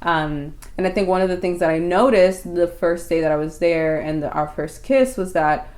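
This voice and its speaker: A woman's voice: on the low side, moderate pace. A woman co-hosting a podcast, telling a story in casual chat and acting out quotes. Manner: animated, acts out quotes. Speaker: podcast co-host.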